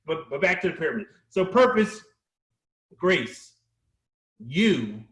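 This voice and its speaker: A man's voice: fairly high pitch, big pitch swings, slow, a bit bright. A middle-aged man giving an impassioned, sermon-like motivational speech on a community stage, repeating phrases for emphasis. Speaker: storyteller speaking on a community stage. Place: live event stage. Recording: echoey stage sound.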